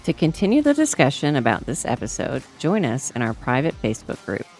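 Lively-voiced woman podcast co-host. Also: very deep voice, a little fast, soft background music. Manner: supportive, affirming listener. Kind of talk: casual podcast chat and outro.

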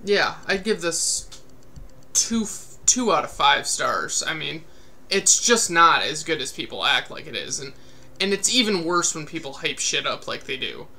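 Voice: medium pitch, sing-song, measured pace, vocal fry, pushed and bright. A podcast host giving an irritated, profane, sarcastic spoken movie review. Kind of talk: casual spoken review rant.

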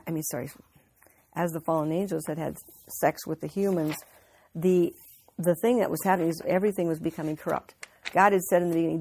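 A woman's voice: on the low side, a little mellow, husky. A woman giving an informal Bible teaching, telling the story earnestly with frequent restarts.

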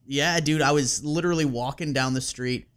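A man hosting a podcast and telling a story in a loose, casual way. He laughs often, swears easily and leans on fillers. His voice sits at a middle pitch. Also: fairly even intonation, normal speed, fairly bright tone, clean tone.

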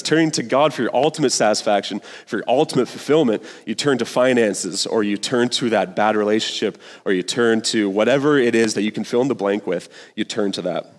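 A young youth pastor in his twenties gives a relaxed, chatty sermon full of asides. His voice sits in a middle pitch, and the long reverb of a large church hall trails after each phrase. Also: brisk, few pauses. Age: 20s. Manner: casual, conversational, with fillers and asides. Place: church sanctuary.

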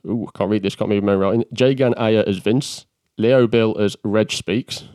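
Guy on a podcast, low voice, dry close sound, laughs a lot, kinda coughy. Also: fairly even intonation, normal speed, a little mellow, no room sound. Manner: laughs often, self-mocking banter. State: a bit coughy from allergy. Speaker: podcast co-host. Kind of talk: casual chat. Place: living room. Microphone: podcast mic.

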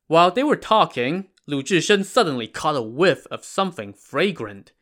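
A man narrating a retelling of a classic novel in a measured way, with wry asides. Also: on the high side, big pitch swings, fairly bright tone. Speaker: storyteller.

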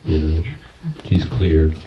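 Very deep-voiced man musing slowly. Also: little pitch movement, vocal fry. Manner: slow, musing, loosely phrased with many pauses. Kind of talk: reflective talk to a retreat group. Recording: distant, dull lo-fi recording with noise.

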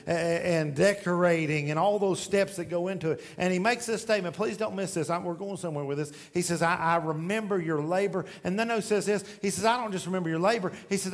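High-voiced preacher in a reverberant church. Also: male voice. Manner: emphatic preaching with wide swings between loud and hushed. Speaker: pastor. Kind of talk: sermon. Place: church sanctuary.

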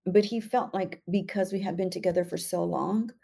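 A woman's voice: lowish voice, steady tone, normal speed, gravelly, dark tone. A young woman talking candidly and reflectively in a casual conversation, earnest and emphatic.

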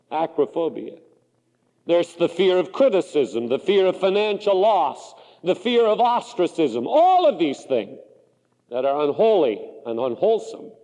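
A man from the Pacific Northwest preaching a sermon, with a high, lively voice that swings dramatically, recorded in a church sanctuary with long reverb.

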